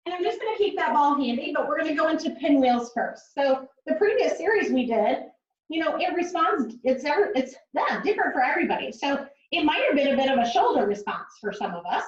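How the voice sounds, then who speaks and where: A woman's voice: high-pitched, sing-song, brisk. A woman teaching a pilates mat class, counting out reps in rhythmic cues and adding chatty asides. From Netherlands. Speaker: pilates instructor. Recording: roomy, distant, dull sound.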